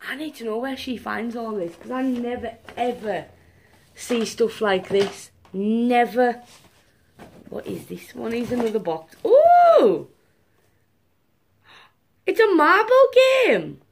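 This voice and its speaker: A woman's voice: on the high side, unhurried, creaky, slight background noise. A young woman, unboxing gifts and gushing to her viewers in a casual vlog. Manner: gushing, excitable, talks to viewers. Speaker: vlogger.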